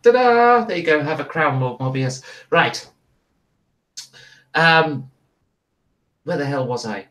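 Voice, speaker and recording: A man's voice: a little high, lively intonation, slow, long pauses, a bit bright. A man running a live-streamed tabletop game, rambling, swearing and restarting his sentences. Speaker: game master.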